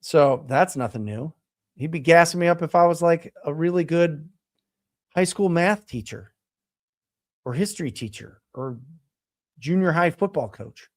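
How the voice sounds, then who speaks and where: A middle-aged man coaching on real estate in a casual motivational talk, animated and emphatic, repeating his key points. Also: on the high side, measured pace, pauses often.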